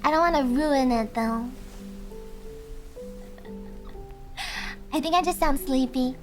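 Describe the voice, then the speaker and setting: Young woman streamer, very high soft voice, giggly, chatty, faint music underneath. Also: slow. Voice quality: high voice, speaking softly. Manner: giggly, chatty, reads chat aloud. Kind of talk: casual chat with viewers. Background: faint background music.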